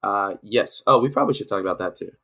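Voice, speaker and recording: A man's voice: lowish voice, expressive, quick pace, vocal fry, fairly bright tone. A man co-hosting a podcast in loose, rambling casual chat, with plenty of fillers. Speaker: podcast co-host.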